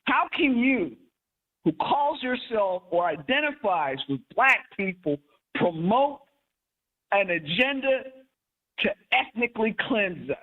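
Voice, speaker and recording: A woman calling in to a live show, making her point in a deliberate, emphatic way and leaning on key words. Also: on the high side, very animated. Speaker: caller. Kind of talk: call-in comment. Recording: tinny phone line.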